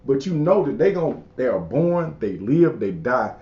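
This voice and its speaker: A man's voice: mid-range voice, big pitch swings, measured pace, reverberant, highs cut off. A man hosting an interview, laid-back and slangy, often affirming his guest. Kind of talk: casual interview chat.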